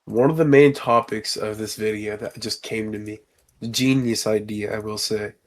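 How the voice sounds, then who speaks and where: A man's voice: lowish voice, fairly even intonation, normal speed. A young man co-hosting a podcast, rambling with many fillers. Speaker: podcast co-host. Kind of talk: casual chat.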